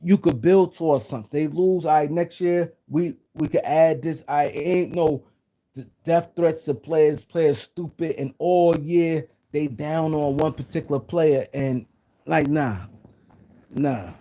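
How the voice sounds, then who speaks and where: A man streams casual sports talk, his voice a touch high but warm and mellow. He rambles and circles back to his points again and again. Now and then he breaks off to speak to viewers in the chat. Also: a little slow. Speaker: sports talk show host. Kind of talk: casual live-stream commentary.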